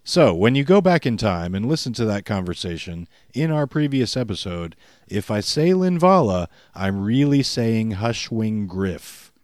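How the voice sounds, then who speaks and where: A low-voiced man co-hosting a podcast, his pitch moving lively up and down. His delivery is dry and self-mocking, recorded close with no room sound. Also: measured pace, no room sound. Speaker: podcast co-host. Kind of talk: casual chat.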